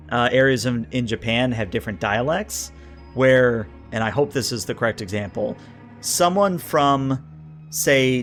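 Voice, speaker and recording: A man's voice: medium pitch, a bit bright. A man reviewing a tabletop role-playing book on a livestream. He reads entries aloud, riffs on each one and talks to his chat. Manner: thinks aloud, reads list entries then riffs on them; chatty, answers chat, frequent filler words and restarts. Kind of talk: casual livestream commentary.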